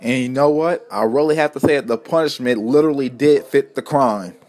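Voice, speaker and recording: A man's voice: mid-range voice, a little fast, darkish tone. A man narrating a homemade storybook tale in a plain, earnest reading voice.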